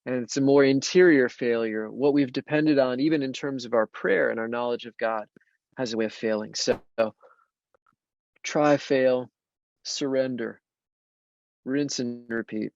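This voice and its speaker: Monk priest teaching in a dry, dull recording. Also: male voice, mid-range voice, measured pace, gravelly, a little mellow, dry recording. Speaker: Benedictine monk and priest teaching on spiritual life. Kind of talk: conversational spiritual teaching. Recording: dull, slightly lo-fi dry sound.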